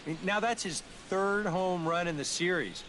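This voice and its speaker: Measured male baseball analyst. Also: high voice, a bit bright, slight background noise. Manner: conversational, measured. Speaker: color commentator. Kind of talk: video game baseball commentary.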